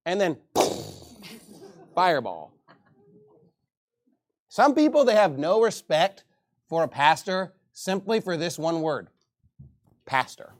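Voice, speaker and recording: A man's voice: sits high, very animated, slow, long pauses, dry recording, clean studio sound. A man preaching a sermon, reading scripture aloud and mocking people by putting on voices. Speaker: pastor.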